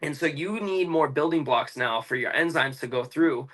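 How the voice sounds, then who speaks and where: A young man, an interview guest, explaining at length in a fast, emphatic, casual way with slang. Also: on the high side, a bit bright, low-quality recording.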